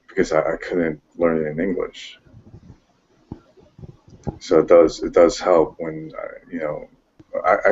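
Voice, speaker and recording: A man's voice: low voice, a little mellow. A man in casual chat who talks hesitantly, with many ums and restarts. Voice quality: gravelly and husky. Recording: dull lo-fi recording.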